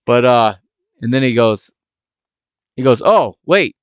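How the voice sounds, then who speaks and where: A man's voice: mid-range voice, unhurried, clean tone, no room sound, lo-fi sound. Dry-voiced man recapping a match. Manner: animated storytelling with frequent restarts. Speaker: podcast host. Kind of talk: solo match-recap podcast.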